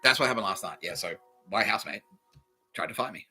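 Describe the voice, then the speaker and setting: A man's voice: low-pitched, expressive, fast talker, bright, forceful tone, husky, faint music behind, rough recording. An Australian man hosting a podcast, rambling through a live monologue, swearing constantly and chuckling between thoughts. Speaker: podcast host.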